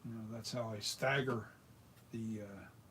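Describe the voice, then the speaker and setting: A man's voice: lowish voice, steady tone, unhurried, fairly bright tone, slight background noise. A man from the United States demonstrating mask making in a workshop, talking casually and rambling with frequent restarts. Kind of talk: hands-on tutorial, casual chat.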